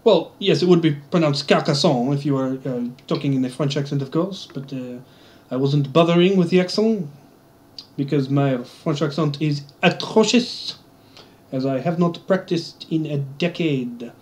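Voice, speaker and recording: A man's voice: a little high, normal speed, a little mellow. A man chatting casually while gaming, telling rambling stories with a wry, offhand manner. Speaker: streamer.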